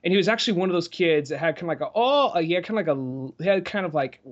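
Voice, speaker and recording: A man's voice: a little high, expressive, very fast, highs cut off. A man hosting a podcast, telling a story in casual chat that rambles and stops and starts. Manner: rambling, stop-start storytelling with lots of fillers. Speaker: podcast host.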